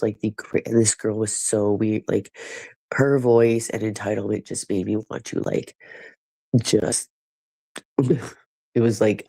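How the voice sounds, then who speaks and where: A man's voice: on the low side, gravelly, warm tone, rough recording. A man chatting casually with his livestream viewers, rambling and profane, with a stuffy nose.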